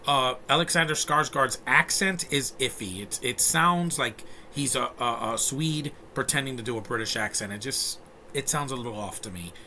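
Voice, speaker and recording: A man's voice: mid-range voice, sharp tone, slight background noise. A man giving a casual, opinionated film review, rambling with frequent restarts and blunt asides.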